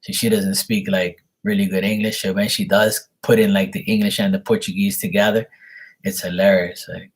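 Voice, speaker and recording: A man's voice: deep voice, level tone, normal speed, slightly rough. A man chatting casually on a live tarot stream, rambling and exasperated, swearing freely. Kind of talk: casual livestream chat.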